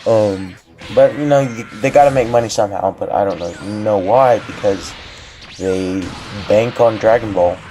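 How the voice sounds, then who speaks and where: Excitable rambling young man. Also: fairly low pitch, normal speed, faint music behind. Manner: excitable and rambling, many restarts. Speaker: vlogger. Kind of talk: casual storytelling vlog.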